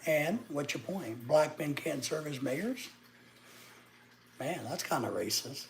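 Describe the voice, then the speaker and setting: Guy on a livestream, kinda high voice, sarcastic ribbing at the chat, faint hiss behind. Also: expressive, takes it slowly. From Arkansas. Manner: teasing, sarcastic banter with viewers.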